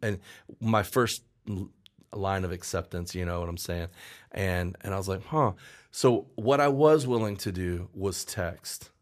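A man's voice: low-pitched, a little slow. A man in his forties, a songwriter guest, telling a candid, rambling story in a casual interview, acting out what people said. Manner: candid, rambling, with restarts and acted-out quotes.

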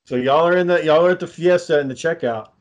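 A man's voice: a little high, fast. A man chatting casually, asking easygoing questions. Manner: laid-back, asks questions, drawls y'all. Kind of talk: casual chat.

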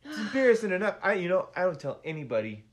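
A woman's voice: on the low side, big pitch swings, fast talker. A woman co-hosting a podcast, talking bluntly and mockingly with frequent laughs. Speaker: podcast co-host. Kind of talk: casual chat reacting to clips.

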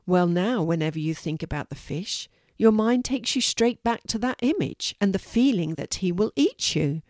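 A woman voicing a kind young girl who guides calmly and patiently. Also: mid-range voice, normal speed, no room sound, studio quality, close to an everyday voice. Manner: calm and instructive.

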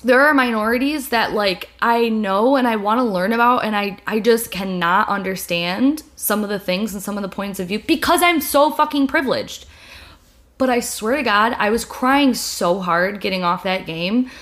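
Young woman host, casual candid chat, mid-pitched, rambling delivery. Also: normal speed, a bit bright. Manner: candid, rambling with many fillers and restarts. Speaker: video creator and podcast host.

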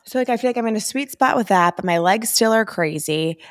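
A woman's voice: medium pitch, expressive, brisk. A young pregnant woman chatting candidly with her mother, a little short of breath. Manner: candid, tired, frank. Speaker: fitness trainer. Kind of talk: casual chat.

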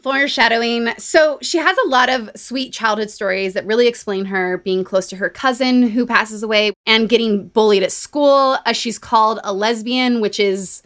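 A woman podcast host in casual chat, telling stories in a chatty, animated way. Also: fairly high pitch, normal speed, few pauses. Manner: chatty, animated storytelling with laughs and quoted voices. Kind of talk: casual chat recapping a book.

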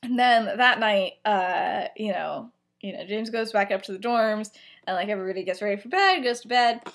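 A woman's voice: mid-range voice, animated, normal speed, a bit bright. A young woman co-hosting a podcast, casually retelling a fan story in a rambling way, full of "like" and "you know", acting out the characters' lines as she goes. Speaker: podcast co-host.

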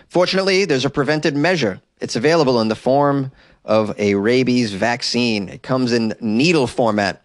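A man hosting a comic news podcast, rambling through jokey asides and jumping to high exclamations, recorded at a small desk in a closet. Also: fairly quick, no room sound, studio quality. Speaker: podcast host and comedian. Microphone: desk mic in closet.

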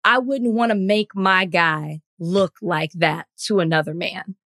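A woman's voice: on the low side, a little slow, fairly bright tone, dry recording. A woman co-hosting a podcast, giving her opinion in a casual, conversational way. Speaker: podcast co-host. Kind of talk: casual chat.

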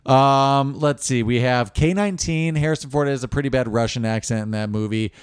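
A man's voice: medium pitch, fairly quick, clean tone, no echo, clean studio sound. A man co-hosting a casual movie podcast, laid-back, laughing often and trailing off with fillers. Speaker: podcast co-host.

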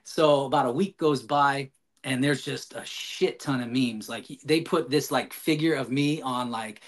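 A man's voice: mid-range voice, unhurried. A man guest on a podcast, telling a long story casually with many fillers and restarts. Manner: animated, rambling, frequent fillers and restarts.

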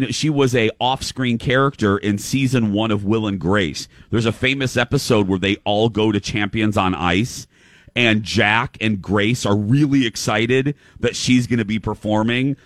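A man hosting a show in casual chat, telling a story with quick restarts and quoting what others said. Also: on the low side, a bit bright, dry recording, clean studio sound. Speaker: show host.

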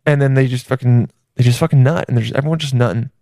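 A man's voice: medium pitch, fast, mellow, dry recording, studio quality. Crude, rambling comedic man. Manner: crude, rambling, with many restarts and swearing.

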